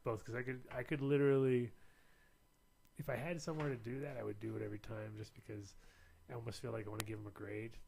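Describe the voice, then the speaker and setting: A man's voice: medium pitch, flat delivery, fast, creaky, a little mellow, slight background noise. An American man hosting a show, rambling through a casual story, often laughing and putting on other people's voices. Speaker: show host. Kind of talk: casual chat.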